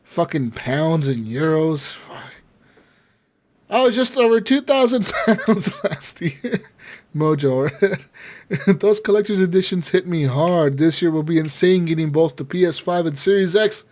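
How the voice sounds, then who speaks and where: A man's voice: fairly high pitch, expressive, unhurried, a little mellow. A man hosting a casual gaming podcast, reading listener comments aloud with lots of swearing and laughter.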